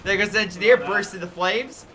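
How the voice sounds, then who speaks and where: A man giving quick, excited play-by-play commentary on a strategy game tournament. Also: sits high, slight background noise. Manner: quick, excited calls of the action. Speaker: game caster.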